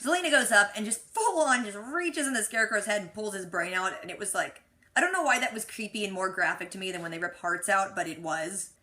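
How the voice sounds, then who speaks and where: A woman with a bright voice recaps a TV episode in a loose, chatty way. She is frank and opinionated and talks in casual slang. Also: medium pitch, a little fast. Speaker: reaction vlogger.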